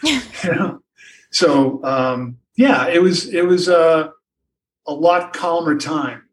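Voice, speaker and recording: An older man, a sportswriter, spins long anecdotes, wandering and restarting as he goes. His voice sits slightly high for a man and sounds a little distant from the microphone. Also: lively intonation, takes it slowly. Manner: rambling, many restarts and asides. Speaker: sportswriter guest. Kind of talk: anecdotal storytelling in a podcast interview.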